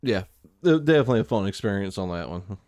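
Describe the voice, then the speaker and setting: A man's voice: on the low side, animated, fast talker, a little mellow, dry recording, clean studio sound. A man with an Alabama Southern accent, live streaming a survival game and chatting casually in a rambling, filler-heavy way. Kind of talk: casual chat while gaming.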